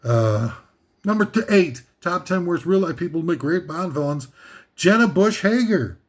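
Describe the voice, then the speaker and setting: The host here is a man with a high, expressive voice and a measured pace. He runs a comedic countdown list, rambling sarcastically with lots of fillers, asides and laughs.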